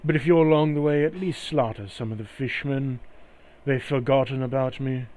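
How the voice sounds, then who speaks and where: A scornful, haughty sea goddess who mocks everyone she meets, played by a man running a tabletop game. Her voice sits at an ordinary middle pitch and drips with sarcasm. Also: normal speed, darkish tone, lightly acted. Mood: mocking. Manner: sarcastic, mocking.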